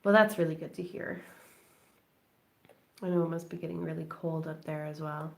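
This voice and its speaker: Woman with a vocal-fry chat. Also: low voice, steady tone, moderate pace. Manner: rambling, chatty, laughs often. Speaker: live-stream crafting host. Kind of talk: late-night casual chat while crafting. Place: at home indoors.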